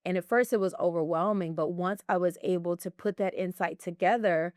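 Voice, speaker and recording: Smooth, lowish-voiced woman telling stories. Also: brisk, no room sound, studio quality. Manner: animated storyteller, acts out her own excitement. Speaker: guest. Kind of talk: conversational interview.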